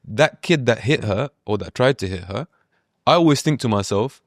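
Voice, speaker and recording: A man speaking in a calm, reflective way during a casual podcast chat. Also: medium pitch, normal speed, dry recording, clean studio sound. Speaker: podcast co-host.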